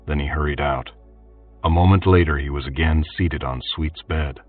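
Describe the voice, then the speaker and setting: A man doing a steady, even scripted narration of a fantasy audiobook, with faint music behind. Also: extremely low pitch, normal speed. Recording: distant tinny phone-like sound, faint music.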